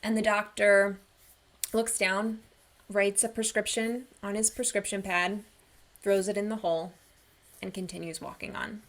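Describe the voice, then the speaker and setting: A woman's voice: medium pitch, little pitch movement, measured pace, pauses often, a bit bright. A woman wellness coach giving an online workshop in an earnest, personal storytelling manner.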